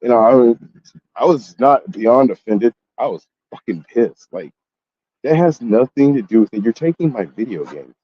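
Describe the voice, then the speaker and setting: In a casual ranting vlog, this collectibles channel host tells a story heatedly and with plenty of swearing, his voice leaping when angry. He has a medium-pitched, slightly rough voice with lively intonation at a moderate pace, and the recording is muffled with no room sound.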